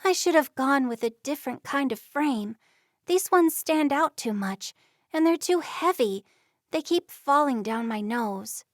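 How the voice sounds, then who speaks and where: Give me a reserved, stubborn young Amish woman, read by a woman narrator, slow and dry. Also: high-pitched, animated, no room sound, pitched above the performer's own voice. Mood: defensive.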